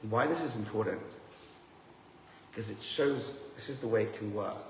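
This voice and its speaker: A man, a rabbi teaching a seminar, who tells animated anecdotes and often stumbles over repeated words. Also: fairly low pitch, moderate pace, a little hiss or hum. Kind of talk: lively storytelling talk to a live audience. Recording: echoey hall with faint ambience.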